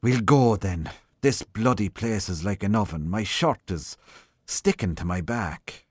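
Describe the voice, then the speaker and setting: A man's voice: low-pitched, takes it slowly, no room sound, studio quality. A man doing a grim, weary Irish sergeant. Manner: flat, curt, grim.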